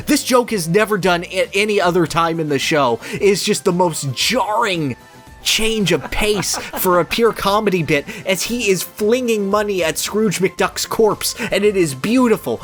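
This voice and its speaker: An enthusiastic co-host chatting casually on a podcast, praising a favorite show. The voice swings widely in pitch and breaks into laughter often. Faint music sits in the background. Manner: gushing, excitable, quick bursts and laughter. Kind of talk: casual chat.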